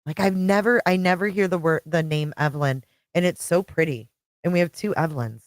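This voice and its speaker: A woman's voice: lowish voice, brisk, no room sound. A middle-aged woman hosting a casual livestream, chatting with viewers and greeting them by name. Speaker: livestream host. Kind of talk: casual live-chat stream.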